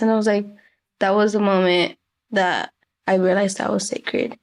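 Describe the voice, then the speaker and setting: A woman's voice: medium pitch, little pitch movement, moderate pace. A teenage girl as a guest on a talk show, speaking casually with many fillers like "like" and "damn.". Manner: casual, heavy use of "like" and "damn". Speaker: youth guest. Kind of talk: casual conversation.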